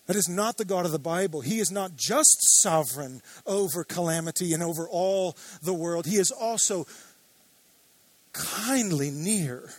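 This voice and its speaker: A man's voice: sits high, expressive, a little slow, dry recording. A man preaching a sermon as pastor, earnest and building to emphatic declarations.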